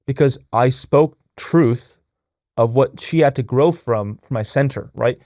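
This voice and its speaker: A young adult man hosts a podcast at a measured pace, his voice a little mellow, in a dry recording with clean studio sound. He talks earnestly about relationships and spirituality, restarting sentences often and tagging on "right?", and acts out quoted voices in a raised pitch.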